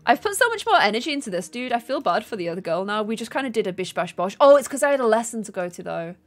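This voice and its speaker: Young woman, high bright chatter, casual streamer reading chat over soft game music. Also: very animated, racing. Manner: chatty, bubbly, reads chat aloud. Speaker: gaming streamer. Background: faint game music.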